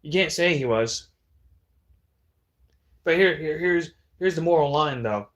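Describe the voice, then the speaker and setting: Brief: raised-pitch male streamer, combative profane callout rant. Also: a little slow, a bit bright. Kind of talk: heated ranting callout.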